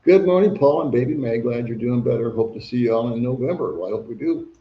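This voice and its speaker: A man's voice: medium pitch, fast. An older man hosting a casual livestream, chatting and reading viewer comments aloud. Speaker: livestream host. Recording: echoey room, dull lo-fi sound.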